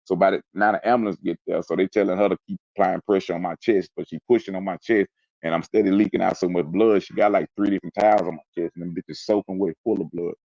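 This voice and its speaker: A deep-voiced man speaks fast in a steady, creaky, dark tone while recounting a personal story as an interview guest. His casual retelling is intense and emphatic, and now and then he imitates sounds aloud. The recording is dry with no room sound, and the highs are cut off.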